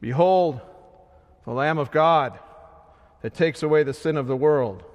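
Guy giving a sermon, slow and measured, gets big then drops quiet, long echo off the hall. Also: fairly high pitch. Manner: slow, measured preaching that swells loud and sinks soft. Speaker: preacher.

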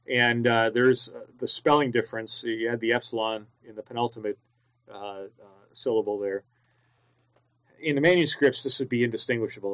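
Deliberate man lecturing on Greek grammar. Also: medium pitch, a bit bright, no echo, rough recording. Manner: deliberate, with many filler pauses. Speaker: Greek New Testament teacher. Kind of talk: classroom lecture.

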